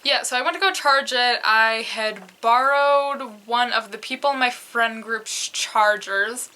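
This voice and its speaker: A young adult woman cosplayer telling her own story in a hesitant, unhurried, laughing way. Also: on the high side, bright, forceful tone. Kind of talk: casual storytelling chat.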